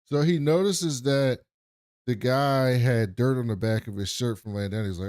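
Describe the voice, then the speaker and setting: A man's voice: medium pitch, moderate pace, darkish tone, no room sound. Casual man rambling through a recap. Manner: rambling retelling with fillers and quoted voices. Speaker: podcast co-host.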